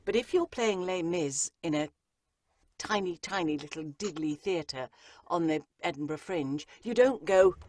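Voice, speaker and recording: On a podcast interview, a middle-aged Englishwoman who coaches actors discusses her craft, dropping into playful voices to illustrate points. Her voice is low and darkish, unhurried, in a dry recording.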